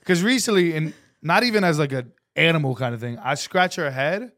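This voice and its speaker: A man hosting a podcast, telling stories in playful, animated casual banter. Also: fairly high pitch, fairly quick. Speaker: podcast host.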